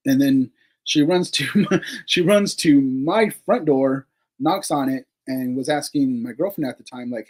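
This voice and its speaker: A man with a husky, slightly rough voice at a middling pitch tells a long story in a loose, conversational way. He rambles with plenty of fillers and casual swearing, and he laughs between remarks as he goes. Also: normal speed, poor audio. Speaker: paranormal investigator guest.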